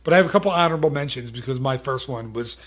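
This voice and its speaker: A man's voice: mid-range voice, very fast, a bit bright. A man hosting a podcast in casual chat, rambling and teasing, with many restarts. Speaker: podcast host.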